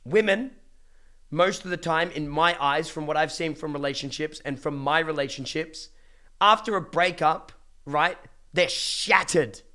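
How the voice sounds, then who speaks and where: A man's voice: on the high side, moderate pace, pushed and bright. A young man ranting casually to his livestream chat, blunt and profane, with many restarts. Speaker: streamer.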